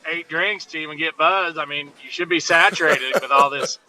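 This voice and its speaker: A man's voice: a little high, normal speed, rough recording. A man co-hosting a casual sports podcast, trading dry, teasing banter. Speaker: podcast co-host. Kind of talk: casual sports show chat.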